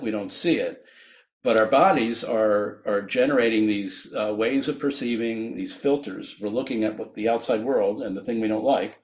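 A man's voice: on the low side, a little mellow. A man, a physician guest on a podcast, explaining his ideas earnestly with frequent laughs and restarts.

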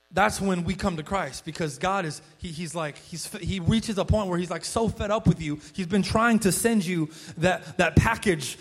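A male pastor preaching a sermon in a conversational storytelling way, with frequent restarts. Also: high-pitched. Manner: conversational storytelling, frequent restarts, rising excitement when acting out quotes.

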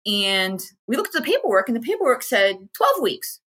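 A woman's voice: on the high side, very animated, fairly quick, fairly bright tone, husky. An American woman, an interview guest, chatting frankly and casually about a personal experience and acting out what people said to her. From United States.

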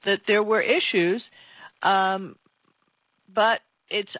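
A woman's voice: mid-range voice, expressive, a little slow, no room sound. Woman, tech show co-host, casual chat, emphatic, laughs often, dry dull lo-fi sound.

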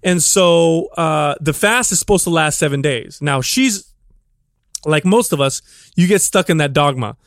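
A man's voice: fairly high pitch, a little slow, dry recording, clean studio sound. A man co-hosting a podcast, a fitness trainer explaining his approach in an earnest, rambling way. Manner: earnest, explanatory, many restarts. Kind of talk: casual podcast chat.

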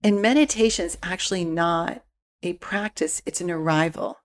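A woman speaking as a spiritual mentor guest in a relaxed interview, calm and reflective with easy laughs. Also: lowish voice, moderate pace. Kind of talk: casual interview chat.

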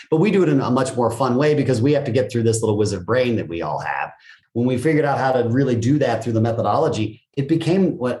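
A man's voice: medium pitch, a little mellow. A middle-aged man, a guest in a podcast interview, telling stories energetically and swearing casually. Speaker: guest, business coach. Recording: roomy echo.

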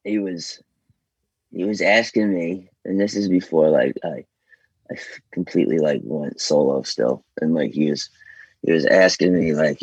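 A deep, husky American man from New York talks in a loose, rambling way, cursing casually as a guest. His voice has a gravelly fry. The recording is dry and close. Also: steady tone, moderate pace, dry recording, dull audio. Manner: rambling, loose, swears freely. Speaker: guest vocalist. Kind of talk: casual interview chat.

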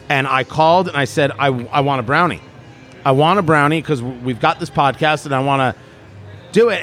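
A man hosting a podcast in casual chat, animated and opinionated, often restarting his sentences. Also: a little high. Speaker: podcast host.

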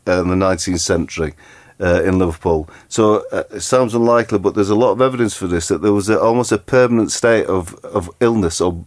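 A man with a low voice hosts a relaxed chat show. He reads out quotes and asks his guests to explain a word to him. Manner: curious, reads quotes aloud. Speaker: podcast host. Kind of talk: casual chat.

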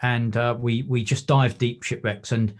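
A man's voice: mid-range voice, unhurried. A man, a wreck diver and photographer, telling stories in a podcast interview. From England. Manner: animated anecdotes with acted-out quotes.

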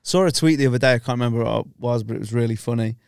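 A man hosting a podcast, chatting casually with quick, jokey banter. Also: medium pitch, creaky, clear, resonant tone, no room sound, clean studio sound. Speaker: podcast host. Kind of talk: casual chat.

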